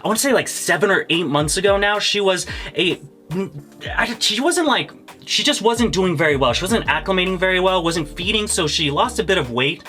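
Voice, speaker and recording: A young man hosting a casual reptile vlog, excitable, laughing often and cursing casually. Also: high voice, a little fast, faint music behind. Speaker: reptile breeder and channel host.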